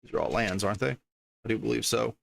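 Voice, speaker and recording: Lower-voiced man chatting while opening cards. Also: fast, gravelly, a bit bright. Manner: chatty, reading card names aloud, easily delighted. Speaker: streamer opening card packs. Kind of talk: casual livestream chat.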